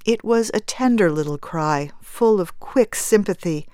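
A woman narrating a story in a measured, even storytelling manner. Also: medium pitch, clear, resonant tone, no echo, clean studio sound.

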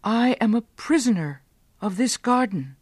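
A woman reader voicing an anguished young man, speaking in an intense, hushed way. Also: fairly high pitch, animated, measured pace, breathy edge, dry recording, clean studio sound, pitched above the performer's own voice. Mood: angry.

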